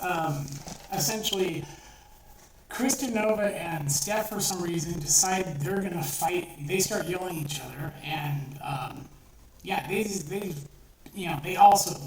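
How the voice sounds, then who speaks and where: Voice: mid-range voice, a little slow, a little mellow. A speaker casually retelling a short story they wrote, rambling and profane, with many fillers and restarts. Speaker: online storyteller. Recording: roomy, distant mic with faint noise.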